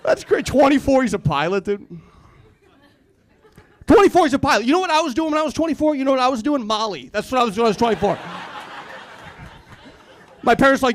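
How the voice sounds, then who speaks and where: A man's voice: very high-pitched, lively intonation, fast talker, pauses often, a faint crowd. A man in his thirties doing a rambling stand-up comedy set, self-deprecating and acting out the people he quotes. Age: 30s. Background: audience laughter.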